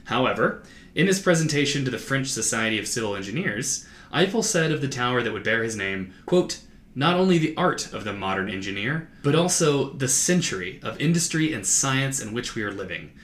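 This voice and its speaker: A man with a bright, forward voice co-hosts a relaxed chat, reading quotes from his notes and laughing easily. His voice rings in a roomy, echoey space, and a faint hum of ambience sits behind it. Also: medium pitch. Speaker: podcast co-host.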